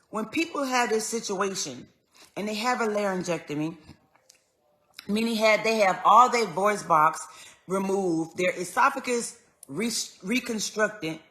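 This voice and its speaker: A woman telling a personal story in an earnest, conversational way, going soft and then raised as she relives moments. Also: a little high. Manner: earnest, conversational, swings between quiet and raised when retelling. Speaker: vlogger.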